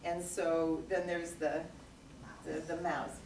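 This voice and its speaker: A woman presenting a read-aloud workshop in a lively way, breaking into little songs as she teaches. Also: low-pitched, slow. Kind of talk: teaching with sung story examples. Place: workshop room. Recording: echoey room, mic far off, noisy.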